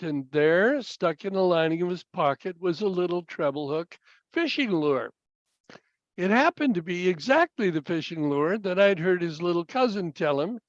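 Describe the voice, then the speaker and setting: Older man, high-pitched voice, dry close sound, halting storytelling, chuckles. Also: dry recording, dull audio. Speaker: speaker telling stories. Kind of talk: storytelling talk at a webinar.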